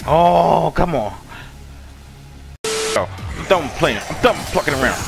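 A man's voice: a little high, moderate pace, gravelly. A man streaming a game he is playing for the first time, giving profane, hyped commentary and repeating his words. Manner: trash-talking, hyped, repeats phrases. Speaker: gaming streamer. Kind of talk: profane let's-play commentary. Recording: game music underneath.

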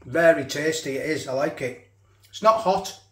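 A man's voice: fairly high pitch, moderate pace, fairly bright tone, roomy sound. A man casually reviewing a ready meal, chatting and eating as he talks, with cutlery clinking. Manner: chatty, eats while talking, repeats himself. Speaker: food reviewer.

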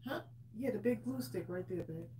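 A woman co-hosting a live crafting stream, reading viewer comments aloud with quick teasing banter and frequent laughs. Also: medium pitch, animated, mellow, slight background noise, low-quality recording.

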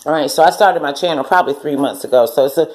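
A woman's voice: low-pitched, quick pace, a little mellow. A woman in her forties telling a story in a casual rant, blunt and profane, often laughing and acting out what people said. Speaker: channel host.

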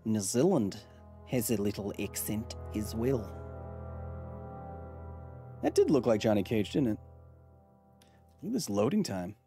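A man with a fairly low voice chats loosely through a live game stream. He rambles and jokes with his viewers, with faint music running behind him. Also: very animated, a little slow, long pauses, mellow. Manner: rambling, joking, talking to chat. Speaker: streamer and science host. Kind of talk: casual live-stream gameplay chat.

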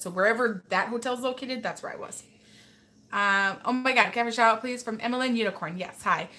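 Bright, chatty mom hosting a stream. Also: female voice, mid-range voice. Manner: chatty, scolds her child between comments. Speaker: host and mother. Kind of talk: casual live-stream chat reading viewer comments.

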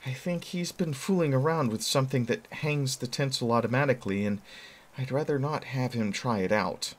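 A man's voice: medium pitch, normal speed, pitched above the performer's own voice, lightly acted. A man voicing a practical middle-aged mother with a light, amused manner. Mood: gentle.

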